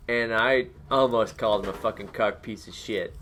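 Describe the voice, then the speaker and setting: A man's voice: mid-range voice, fairly even intonation, normal speed, a bit bright, a little hiss or hum. A young man co-hosting a podcast, swearing and joking in casual chat, laughing often. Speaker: podcast co-host.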